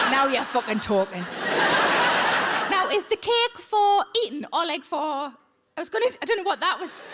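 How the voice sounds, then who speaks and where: A woman comedian doing bawdy, chatty stand-up crowd work in a theatre, laughing at her own jokes. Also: very high voice. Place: large theatre on stage. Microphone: handheld stage mic. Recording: live theatre with loud noise.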